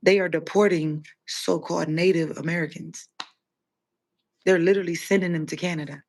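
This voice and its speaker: A woman's voice: fairly low pitch, steady tone, moderate pace, darkish tone. Blunt woman streamer chatting with viewers. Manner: blunt, opinionated, talks straight to chat. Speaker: livestream host. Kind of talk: casual livestream chat, answering viewers.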